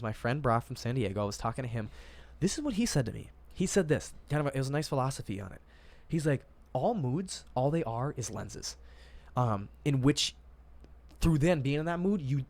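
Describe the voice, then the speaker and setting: A young man hosting a casual podcast chat, talking emphatically and calling people dude and bro. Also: mid-range voice. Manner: fast, emphatic, calls listeners dude and bro. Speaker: podcast host.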